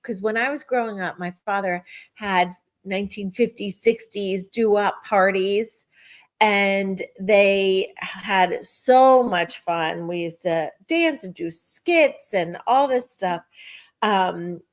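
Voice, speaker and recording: A middle-aged woman telling a personal story in casual spiritual chat, animated and acting out her own thoughts. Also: medium pitch, slow pace. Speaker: podcast co-host.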